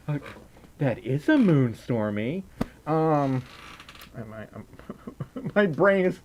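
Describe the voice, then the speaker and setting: A man's voice: on the high side, very animated, slow pace, long pauses, a little mellow. A man with a slightly raised voice chats his way through a late-night livestream. He sounds tired, rambles, and keeps breaking into giggles as he thanks viewers for donations. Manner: giggly, rambling, laughs often. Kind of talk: casual livestream chat.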